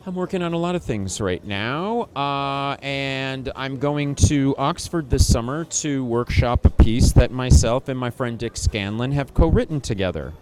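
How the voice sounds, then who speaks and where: A man's voice: mid-range voice, expressive, measured pace, few pauses, noisy background. Emphatic, self-assured man in an interview. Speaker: actor and singer. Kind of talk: red-carpet interview.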